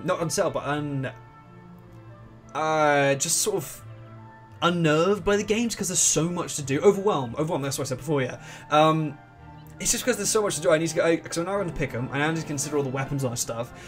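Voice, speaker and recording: A man giving casual gameplay commentary as the host of a let's play, rambling and excitable, often restarting his sentences and humming along. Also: fairly high pitch, fast talker, faint music behind.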